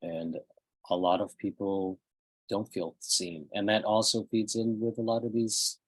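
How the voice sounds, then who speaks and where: A man's voice: fairly low pitch, flat delivery, measured pace, dry recording, rough recording. A man on a virtual panel, speaking in a conversational, affirming way over a video call. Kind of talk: panel discussion.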